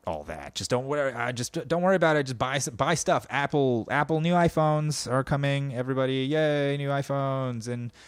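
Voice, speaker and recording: A man's voice: mid-range voice, moderate pace, few pauses, clear, resonant tone, dry recording. A man hosting a podcast, delivering a sarcastic, profane comedic rant about politics and mocking people as he goes. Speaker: podcast host.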